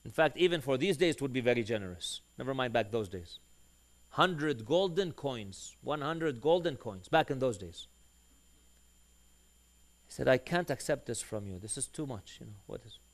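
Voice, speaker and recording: A man's voice: medium pitch, moderate pace. A man preaching a sermon, telling a long story and acting out the dialogue of its people. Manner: animated storyteller who acts out quoted dialogue.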